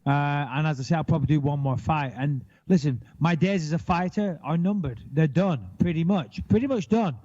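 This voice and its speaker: A man in his thirties chatting casually as a podcast co-host, blunt and animated, with plenty of swearing. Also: fairly high pitch, fairly quick, few pauses, dull audio. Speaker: podcast co-host, retired fighter. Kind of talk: casual chat.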